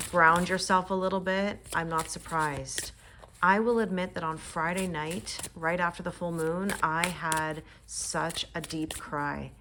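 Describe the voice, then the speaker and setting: Soft-spoken woman reading tarot. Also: on the low side, background noise. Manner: reflective, soft-spoken, laughs often. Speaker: tarot reader. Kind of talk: casual spiritual forecast.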